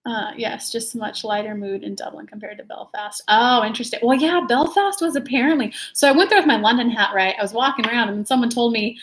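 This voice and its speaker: A woman's voice: fairly high pitch, quick pace, hardly any pauses, fairly bright tone. A young woman from California chatting casually on a livestream, rambling and laughing as she talks. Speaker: livestream host, tarot reader.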